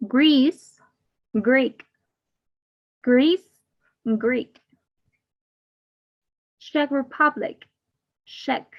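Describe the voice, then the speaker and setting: Woman teacher in an online class, says every word twice real slow, kinda high voice. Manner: repeats each word twice, slow and deliberate. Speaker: English teacher. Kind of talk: slow drilled pronunciation lesson. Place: online class, speaking to a camera. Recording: slightly dull lo-fi audio.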